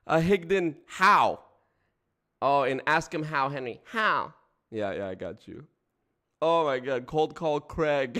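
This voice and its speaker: A man's voice: on the high side, measured pace, a bit bright. A man hosting a casual livestream, chatting with viewers, breaking into frequent laughter and swearing casually. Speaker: streamer host.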